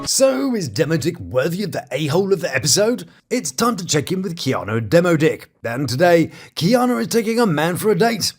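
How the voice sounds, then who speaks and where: Husky, sarcastic man with a lively voice. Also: fairly high pitch, soft background music. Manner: mocking, cheeky, quick asides. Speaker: reality TV reviewer. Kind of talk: sarcastic commentary over clips.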